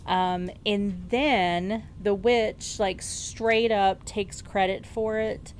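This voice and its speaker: A woman's voice: medium pitch, fairly even intonation, extremely slow, a little hiss or hum. A woman co-hosting a podcast, telling a story in casual chat, amused and often laughing, with lots of fillers. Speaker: podcast co-host.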